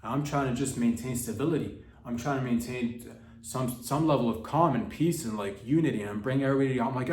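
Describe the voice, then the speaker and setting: Male podcast host, mock-dramatic rambling comic, mid pitch, echoey room. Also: normal speed, darkish tone. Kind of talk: rambling comedic monologue.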